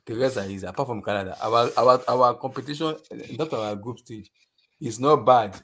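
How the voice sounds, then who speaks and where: A man's voice: medium pitch, fairly quick, fairly bright tone, a little hiss or hum. A man with a Nigerian accent hosting a casual football chat, easygoing and mixing in pidgin asides. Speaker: podcast host.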